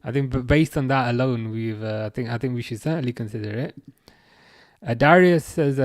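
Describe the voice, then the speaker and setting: A man's voice: medium pitch, fairly quick, no echo, clean studio sound. A man hosting a casual football livestream, reading out viewer comments and answering them, hesitant and full of fillers and restarts. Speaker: livestream host.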